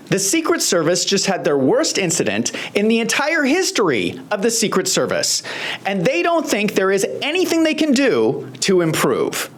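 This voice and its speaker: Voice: mid-range voice, huge pitch swings, normal speed. A commentary host narrating in a sarcastic, indignant way.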